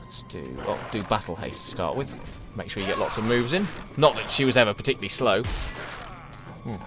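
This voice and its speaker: A man's voice: fairly low pitch, lively intonation, normal speed, over music. A man giving chatty, self-deprecating commentary while streaming a game and answering chat. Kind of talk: casual gameplay commentary.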